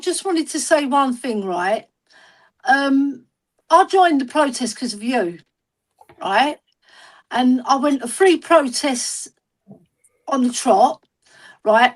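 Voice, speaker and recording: A woman's voice: high voice, expressive, unhurried. A woman chatting on a livestream, telling a story and often asking "right?" as she goes. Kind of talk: casual livestream chat.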